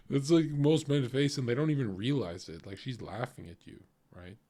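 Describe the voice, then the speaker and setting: A man's voice: medium pitch, measured pace, a little mellow. A man streaming and reacting to a clip in casual, crude, opinionated commentary, lecturing his chat and often laughing.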